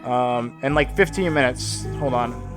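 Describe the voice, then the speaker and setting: A man hosts a casual livestream rant, sarcastic and packed with swearing and filler words. His voice is mid-range at a measured pace, with soft music playing in the background.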